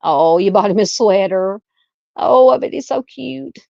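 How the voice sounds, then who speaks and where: A chatty woman with a Southern American accent hosts a casual live chat and reads viewer comments aloud. Her voice sits at an ordinary pitch. The sound is dull and muffled, with a dry, close feel. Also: lively intonation, measured pace, creaky, dark tone, no room sound. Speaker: livestream host.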